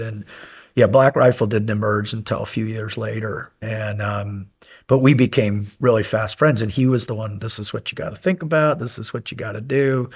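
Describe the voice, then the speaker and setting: A man guest recounting a story in casual conversation, animated and acting out remembered dialogue with laughs along the way. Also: lowish voice. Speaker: guest, former special operations medic.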